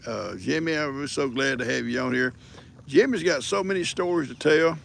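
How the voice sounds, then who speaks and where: A man's voice: medium pitch, lively intonation, normal speed, vocal fry, fairly bright tone, slight background noise. An older man, telling folksy stories and teasing his viewers in a casual livestream from a farm. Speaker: livestream host. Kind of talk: casual rambling storytelling.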